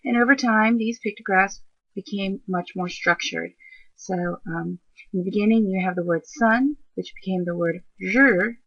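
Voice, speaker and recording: Woman, teacher, gravelly husky voice, explanatory lesson, dull lo-fi recording. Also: medium pitch, dry recording. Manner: explanatory, addresses learners directly, with fillers. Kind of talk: narrated slideshow lesson.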